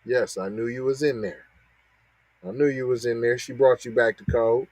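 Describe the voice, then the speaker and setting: A man's voice: medium pitch, fairly even intonation, normal speed, a little mellow, dry recording, rough recording. A man, hosting a podcast and reacting to news clips with mocking, repetitive commentary. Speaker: podcast host.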